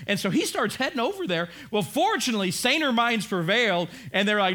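A man preaching a sermon, telling the story in an animated way, acting out voices and rising to shouts. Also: sits high, a little fast, few pauses. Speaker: pastor.

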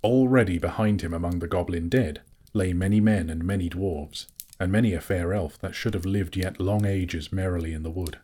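A man reading a fantasy novel aloud as an audiobook narrator, in measured, steady storytelling. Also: low-pitched, slightly rough. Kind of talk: scripted narration.

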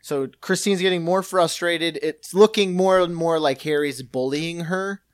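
A man's voice: on the high side, unhurried, clean tone. A man co-hosting a podcast, casually recapping a sitcom episode, acting out lines and laughing often. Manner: relaxed storyteller, acts out quotes, laughs often. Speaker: podcast co-host.

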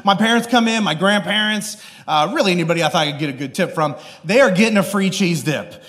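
A man preaching a sermon through an animated, self-deprecating personal story, acting out the people in it. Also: high voice, quick pace, in a large hall.

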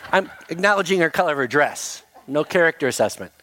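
A middle-aged pastor delivers a storytelling sermon, recounting a funny personal story with self-mocking asides and laughs before leading into prayer. His voice is a little high and quick-paced, and his manner is animated.

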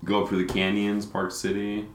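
Deep-voiced easygoing guest, echoey room. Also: male voice, completely flat delivery, normal speed, a little hiss or hum. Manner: easygoing, rambling, repeats himself. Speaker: podcast guest, chef. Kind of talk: casual chat.

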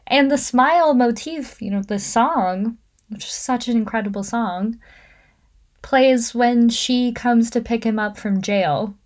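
A woman co-hosting a casual podcast about film, speaking in an unhurried way. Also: on the high side. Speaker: podcast co-host.

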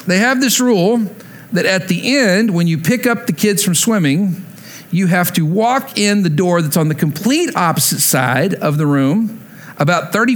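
Storytelling pastor, fairly high voice. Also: male voice. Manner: animated storytelling, acts out quotes, drops soft for reflection. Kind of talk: sermon with personal story.

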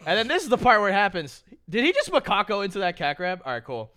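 A young podcast host trades loose, profane, joking banter in a casual reaction chat. His high voice swings hugely in pitch, moving quickly with a sharp, clean tone.

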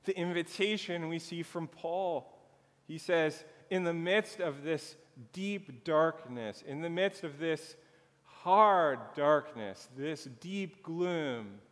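A man pastor preaching a sermon slowly and earnestly, drawing out his phrases. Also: fairly high pitch, a bit bright. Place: church sanctuary. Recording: long reverb of a church hall.

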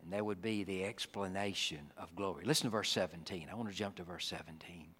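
A man preaching a sermon. He acts out the people in the story and swings between booming lines and hushed ones. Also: fairly quick, breathy edge, big-room sound. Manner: dramatic, acts out the Bible figures, swings from loud to hushed.

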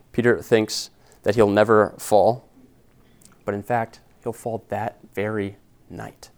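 A man's voice: lowish voice, vocal fry. A man preaching an expository sermon as pastor, earnest and conversational, retelling scripture in casual everyday words. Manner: earnest and conversational, with slangy paraphrase.

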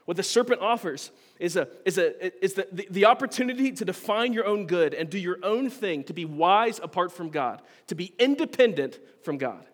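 Male pastor, high voice, earnest expository sermon, hall reverb. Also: lively intonation, normal speed, few pauses. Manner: earnest expository preaching with frequent restarts.

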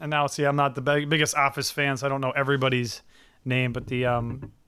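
A man in casual chat, telling animated stories, laughing often and swearing freely. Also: mid-range voice, fast, clear, resonant tone, no echo.

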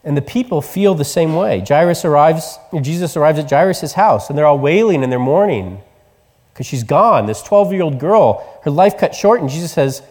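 A man preaching a sermon, telling the story with voices and dropping to soft, tender tones for the quiet words. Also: a little high, animated, moderate pace, big-room sound. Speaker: pastor.

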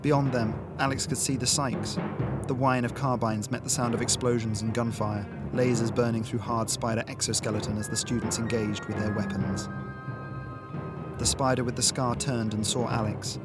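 A man narrating a sci-fi action audiobook with steady, dramatic pacing. His voice sits in an ordinary middle range. A music bed plays clearly behind him. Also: mid-range voice, moderate pace. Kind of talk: scripted narration.

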